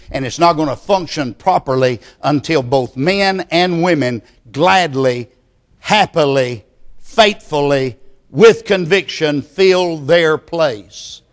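A man preaching a sermon, speaking slowly and emphatically and building to loud passion. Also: on the high side.

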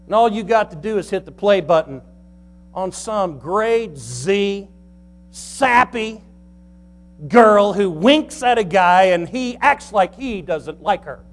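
A man's voice: high voice, animated, slow. A middle-aged man, a pastor preaching a folksy, humorous sermon.

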